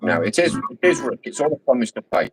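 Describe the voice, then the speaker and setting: A man's voice: mid-range voice, big pitch swings, fast talker, a little hiss or hum, rough recording. A Scottish man in casual chat, talking emphatically and repeating his points in a lecturing way. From Scotland. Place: home.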